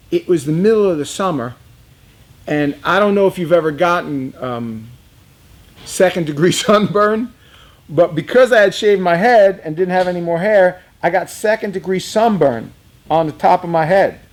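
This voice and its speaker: A man with a slightly high speaking voice tells a long personal story in a loose, rambling way. He talks casually, restarts his sentences and chuckles at his own tale. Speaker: reptile dealer telling a story.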